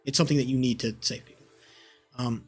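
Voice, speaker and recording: A man's voice: medium pitch, steady tone, quick pace, slightly rough, faint music behind. A man streaming live, ranting combatively and profanely as he argues with chat. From United States. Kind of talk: live-stream political rant.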